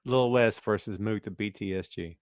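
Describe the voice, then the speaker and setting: A middle-aged man hosts a casual wrestling podcast, rambling and cracking jokes with his co-hosts and listeners. His voice sits on the low side at a normal speed, with a little hiss or hum in the audio.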